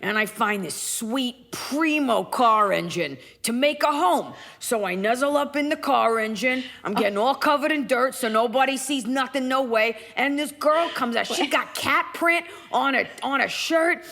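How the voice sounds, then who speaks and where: Brief: woman plays a crabby alley-cat type, a bit high, tough-talking and full of complaints. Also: expressive, measured pace, hardly any pauses, a bit bright, heavily acted. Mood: grumpy. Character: grumpy streetwise female cat, a stray at heart.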